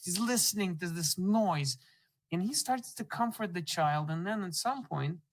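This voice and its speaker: A man hosting a conversation, telling a story with lively acted-out quotes and halting restarts. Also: high voice, poor audio. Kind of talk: conversational anecdote.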